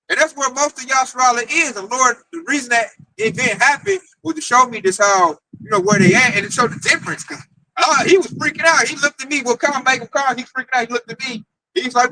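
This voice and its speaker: Man with an Oklahoma accent, high and very bright voice, animated storyteller who acts out quoted voices, close dry mic. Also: brisk, dry recording, low-quality recording. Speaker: camp member telling a story. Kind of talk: casual storytelling talk.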